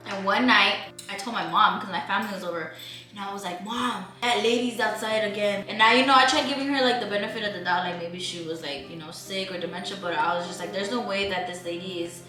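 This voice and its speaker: A woman's voice: mid-range voice, fast, distant mic. A young woman casually telling a story on a vlog, acting out scenes and sometimes searching for words. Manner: lively, acts out scenes, hunts for words. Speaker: vlogger. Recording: echoey room, voice off-mic, faint music.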